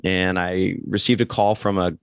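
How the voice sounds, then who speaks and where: A man's voice: deep voice, flat delivery, moderate pace, clear, resonant tone, dry recording. A man in his forties from Pennsylvania, a financial advisor telling his career story in a rambling, conversational way as an interview guest. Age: 40s. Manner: rambling, conversational, with self-corrections.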